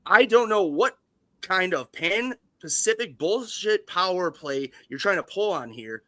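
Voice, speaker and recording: A man's voice: sits high, animated, unhurried, dry recording. A man doing a raging, foul-mouthed studio boss. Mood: raging threats. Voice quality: yelling, threatening, profane.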